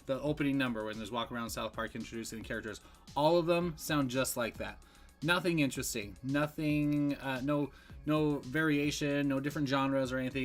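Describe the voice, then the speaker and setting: Guy rambling thru a movie review, lots of ums, faint music behind. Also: medium pitch. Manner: rambling, digressive, with many fillers and restarts.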